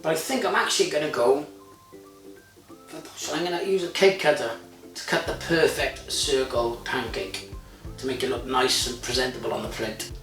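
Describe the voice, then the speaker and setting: A man's voice: mid-range voice, moderate pace, fairly bright tone, recorded from a distance. A man in his forties hosting a casual cooking vlog, chatty and jokey, swearing freely. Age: 40s. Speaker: cooking show host. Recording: echoey room, off-mic, music behind.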